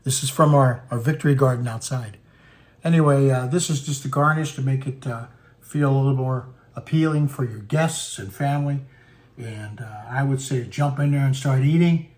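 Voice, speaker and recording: With a medium-pitched, slightly mellow voice at a moderate pace, a man runs a cooking demonstration at home. He talks to viewers directly in a playful, chatty way as music plays behind him.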